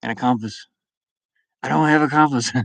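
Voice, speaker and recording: A man's voice: mid-range voice, normal speed, creaky, no echo. Laughing, rambling man chatting in a van. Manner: rambling, laughs often, restarts words. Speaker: streamer chatting with viewers. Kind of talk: casual live-stream chat. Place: inside a van.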